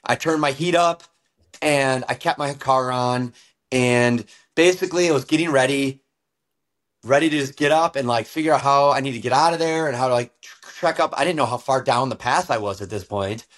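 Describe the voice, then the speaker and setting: A man who used to snowboard professionally tells a story in a loose, animated way, full of fillers like "like" and "dude.". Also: medium pitch, normal speed. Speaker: guest, former pro snowboarder. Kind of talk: casual storytelling in an interview.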